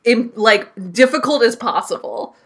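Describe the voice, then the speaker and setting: A woman's voice: on the high side, animated, normal speed, a bit bright. A young woman co-hosting a podcast, directing a role-play with teasing, bossy banter and casual swearing. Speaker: podcast co-host.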